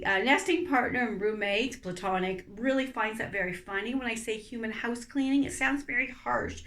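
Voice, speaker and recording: A woman's voice: medium pitch, fairly bright tone. A woman hosting her own podcast, talking candidly and emotionally from her couch at home, often repeating herself. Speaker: podcast host. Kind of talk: candid personal talk to camera.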